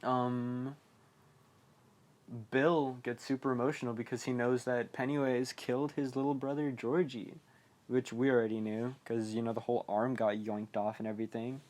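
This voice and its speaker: A man's voice: mid-range voice, flat delivery, normal speed, a little mellow. A man hosting a podcast, recapping a horror movie in a casual, rambling way, full of fillers and chuckles at his own remarks. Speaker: podcast host.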